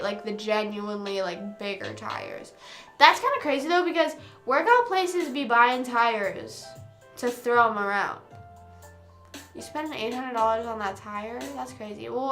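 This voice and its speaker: A woman in her early twenties chats through a casual late-night livestream. Her voice is bright and sits a little high, and her storytelling rambles with constant fillers. Faint music plays softly behind her. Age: early 20s. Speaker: livestream host.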